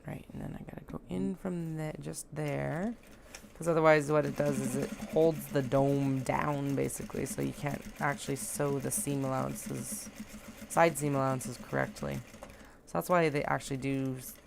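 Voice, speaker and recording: A woman's voice: extremely low pitch, vocal fry, noisy background. A woman talking casually as she sews, joking and chatting to herself while she works in a home sewing room. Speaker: sewing vlogger.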